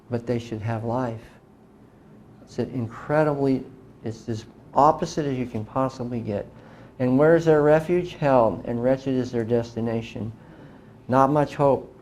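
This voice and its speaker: A man's voice: medium pitch, a little mellow, slight background noise. A middle-aged man giving an emphatic lecture to a live audience, often asking rhetorical questions. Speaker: speaker lecturing on religion.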